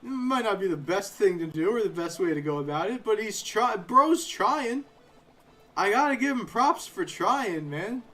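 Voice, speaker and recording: A young man with a fairly high voice talks through a live game playthrough in a loose, casual way. He drifts from low-key narration into animated, sarcastic rants. Faint game music plays beneath him. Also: normal speed. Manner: ranting, sarcastic, animated asides. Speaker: game streamer.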